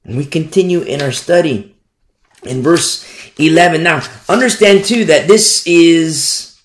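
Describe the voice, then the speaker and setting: A pastor whose voice is on the high side preaches a little slowly in a reverberant space. His expository, verse-by-verse Bible teaching sermon features repeated phrases and rhetorical questions.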